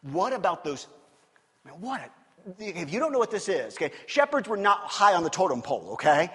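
A male pastor preaching a sermon, swinging between loud emphatic bursts and low hushed passages. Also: big pitch swings, a little fast, husky, long reverb tail.

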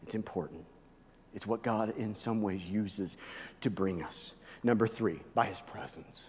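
A male pastor preaching a sermon, swinging from hushed, low asides to loud, emphatic proclaiming. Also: a little slow, long reverb tail, slight background noise.

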